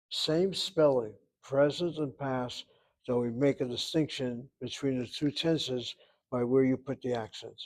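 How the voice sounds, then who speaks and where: An older man teaching a Hebrew class, explaining grammar patiently and step by step, repeating words slowly. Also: medium pitch.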